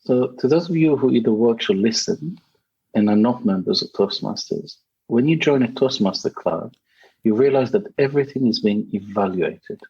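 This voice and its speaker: A man's voice: medium pitch, lively intonation, moderate pace, dark tone, husky, dull audio. A man for whom English is a second language, giving emphatic interview answers over a remote call. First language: not English. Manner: emphatic, acts out quoted voices. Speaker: podcast guest, public speaking champion.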